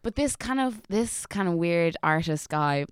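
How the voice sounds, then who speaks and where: An Irish woman in her twenties chatting on a podcast, quick and full of "like" fillers. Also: on the low side, lively intonation, smooth, dry recording, studio quality. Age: 20s. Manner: chatty, quick, lots of "like", laughs. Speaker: podcast co-host. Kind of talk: casual chat.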